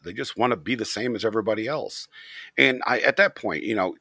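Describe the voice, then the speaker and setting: A deep-voiced man rants to the camera with blunt, profane conviction. His voice is rough and husky, yet sharp and forceful, and it leaps up and down a wide range. The sound is dry and close, with no room around it. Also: brisk, dry recording. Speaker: channel host. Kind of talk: casual opinion rant to camera.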